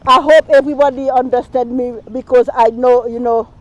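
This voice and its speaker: A woman's voice: sits high, steady tone, moderate pace, muffled recording. A middle-aged woman whose first language is not English gives an impassioned campaign speech as a town council candidate, repeating herself and stumbling over words. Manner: impassioned, repetitive, speaks non-native English with slips. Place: live stream rally.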